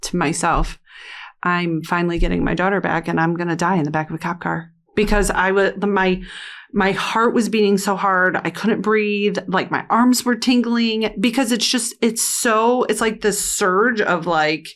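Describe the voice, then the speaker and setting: A woman in her thirties recounting a frightening family ordeal as an interview guest. Her voice sits in an ordinary middle register. She speaks haltingly, circling back with restarts and fillers as she searches for words. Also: mid-range voice, fairly bright tone. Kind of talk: emotional personal storytelling.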